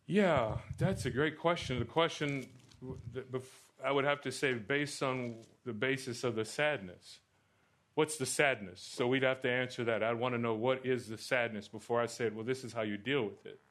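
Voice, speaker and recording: A man preaching and answering questions in a church Q&A, animated and rising loud at points of emphasis. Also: medium pitch, normal speed. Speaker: pastor. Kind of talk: sermon Q&A.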